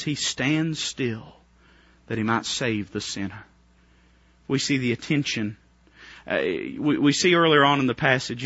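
A man preaching a fervent revival sermon, dropping to a hush and then rising to near shouts, with many rhetorical questions. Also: a little high, slightly rough, no room sound, dull audio.

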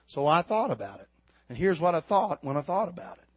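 An older man preaching a sermon, swinging from shouted exhortation to quiet, folksy storytelling. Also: on the high side, big pitch swings, brisk, husky, dry recording, muffled recording. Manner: fiery preaching, builds to shouts then drops to quiet storytelling.

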